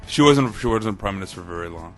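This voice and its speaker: A man from Canada chatting on a podcast, fumbling and restarting his sentences, worn out. His voice sits low. Faint music plays underneath. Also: expressive, fast talker, fairly bright tone. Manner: hesitant, restarts a lot, tired. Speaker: podcast guest. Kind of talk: casual podcast chat.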